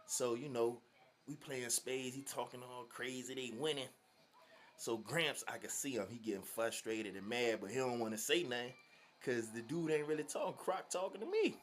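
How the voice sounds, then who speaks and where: Animated man telling stories. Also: medium pitch, moderate pace. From Virginia. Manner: animated, slangy, laughing storyteller. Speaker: vlogger. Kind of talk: casual storytelling.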